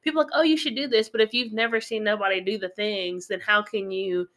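Bright-voiced joking woman co-host. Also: medium pitch, quick pace. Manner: animated, joking, laughs often. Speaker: podcast co-host. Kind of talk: casual chat.

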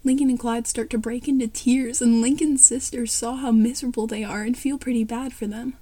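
A woman reads a fan story aloud, saying each speaker's name and the stage directions as she goes. Her voice sits somewhat high for a woman but has a mellow, dark tone. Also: steady tone, fairly quick, dry recording. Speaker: story reader.

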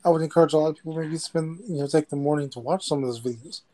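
A man's voice: fairly high pitch, racing, dark tone, poor audio. A man hosting a live motivational talk show, emphatic and preachy, repeating lines for effect. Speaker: host.

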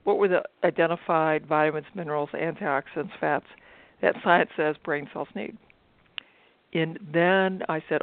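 A middle-aged woman physician speaking as an interview guest, thoughtful and halting, with many fillers and restarts. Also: low voice, steady tone, no room sound. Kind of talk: interview conversation. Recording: tinny phone-like line.

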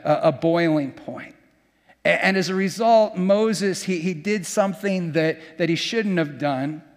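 A man's voice: high voice, in a large hall. A male pastor preaching a sermon and reading scripture aloud, often stumbling and repeating his first words.

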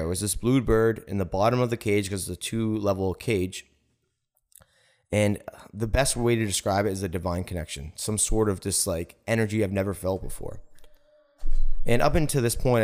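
Rambling, slightly low-voiced man telling a story. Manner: rambling, heavy use of "like" and "right?". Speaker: podcast guest. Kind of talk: personal storytelling in conversation.

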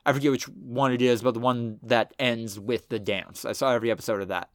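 A man's voice: mid-range voice, fairly even intonation, brisk, no room sound, studio quality. A man co-hosting a podcast in casual chat, pedantic and swearing casually. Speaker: podcast co-host.

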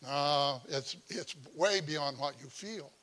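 A male pastor preaching a sermon, telling stories in an animated, conversational way and chuckling as he goes. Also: on the high side, slow pace. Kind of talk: sermon with personal storytelling.

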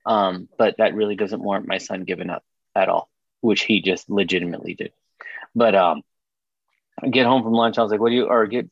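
A man's voice: lowish voice, creaky, dry recording, dull audio. A man co-hosting a casual podcast, telling a story with lots of laughter and swearing. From Mexican-American household. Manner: animated storytelling, laughing, profane. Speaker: podcast co-host. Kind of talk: casual chat.

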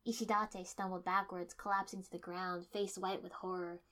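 A woman reading a first-person fiction story aloud in steady storytelling, dipping to soft menace. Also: lowish voice, normal speed. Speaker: narrator.

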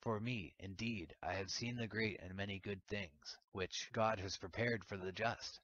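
The personified sun speaks in a sorrowful, earnest way, read by a man. The voice is very low. The recording is dull and lo-fi. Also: steady tone, a little slow, a bit bright.

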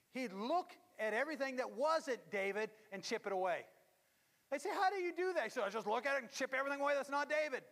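A man preaching a storytelling sermon, dramatic and dropping to hushed tones for emphasis. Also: sits high. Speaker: pastor. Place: church sanctuary. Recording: long reverb of a large hall.

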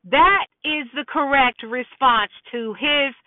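A woman's voice: high-pitched, takes it slowly, no echo. A woman hosting a podcast, giving an emphatic, preachy talk to mothers with rhetorical questions. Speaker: podcast host. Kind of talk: preachy monologue addressing mothers. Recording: dry tinny phone-like sound.

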